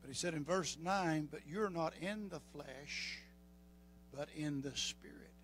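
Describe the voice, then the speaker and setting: High-pitched Southern preacher, folksy drawl. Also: male voice, a little slow, fairly bright tone, slight background noise, rough recording. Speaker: pastor. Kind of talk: sermon.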